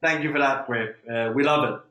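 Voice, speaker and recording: A man's voice: mid-range voice, steady tone, brisk, sharp tone. A man hosting a podcast interview, asking questions in a friendly, appreciative way. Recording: echoey room.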